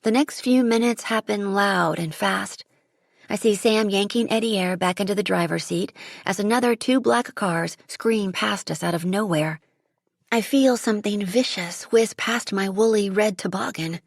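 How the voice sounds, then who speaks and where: An audiobook narrator, a woman, tells a first-person story in a vivid, dramatic way, her medium-pitched voice husky and gravelly at moderate pace. She's recorded dry and close on a studio mic with no echo.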